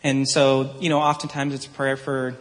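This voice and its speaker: A man in his thirties giving a relaxed, earnest sermon in a conversational, story-telling way. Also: mid-range voice, moderate pace. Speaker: pastor. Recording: long reverb from a large hall.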